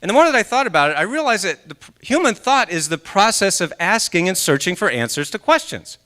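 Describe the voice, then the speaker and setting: A man in his forties from Maine, USA, gives a motivational talk as a guest speaker during a live church service in the sanctuary. His voice is high-pitched, sing-song, sharp and fairly quick. He tells his story with animation, acts out his own inner voice, and pulls the audience in with questions.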